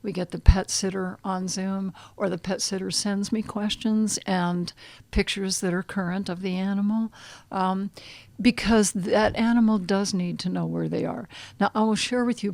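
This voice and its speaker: A middle-aged woman, an animal communication counselor, talking in a soft, guiding way that sometimes drops to a hushed near-whisper in a podcast interview. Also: medium pitch, fairly even intonation, moderate pace, creaky, no room sound.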